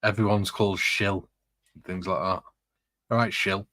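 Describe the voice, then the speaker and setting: Low-voiced man chatting casually. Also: steady tone, moderate pace, pushed and bright, no room sound. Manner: chatty, rambling anecdotes with frequent laughs. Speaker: host reading viewer comments. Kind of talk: casual chat.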